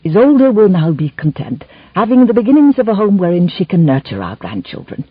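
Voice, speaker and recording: A woman's voice: medium pitch, big pitch swings, brisk, breathy edge, no echo. A woman voicing a hearty, boastful older Scottish laird with a Scottish accent and archaic speech, in a slightly muffled recording.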